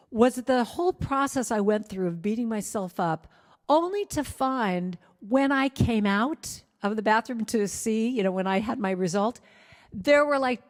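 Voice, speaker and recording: A guest speaker who is also a singer shares a frank, self-mocking story from her life with a spiritual gathering, in the manner of a sermon. Her mid-range voice is a little mellow, and the spiritual center hall gives it a big-room sound.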